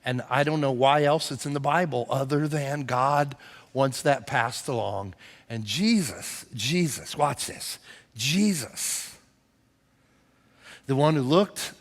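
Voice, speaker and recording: Animated man preaching in a reverberant hall. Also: mid-range voice. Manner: animated storytelling, rising to near shouts at emphasis. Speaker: pastor. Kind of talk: sermon. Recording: church hall with long reverb.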